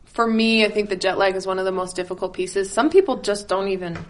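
A woman's voice: mid-range voice, fast talker. A woman in her twenties chatting as a guest, laughing often and restarting her sentences. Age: 20s. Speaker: guest, pro skier. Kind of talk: casual chat.

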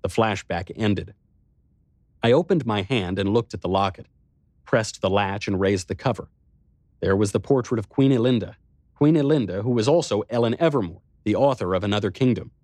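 This audiobook narrator is a man reading a first-person novel in a measured, introspective way. His voice is lowish and a little mellow, recorded close and dry with no room sound or echo.

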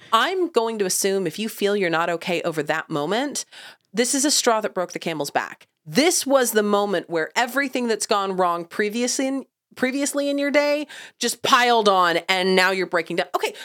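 A woman co-hosts a podcast in casual chat. She talks in an expressive, emphatic way, and her voice sits at an average pitch for a woman. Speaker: podcast co-host.

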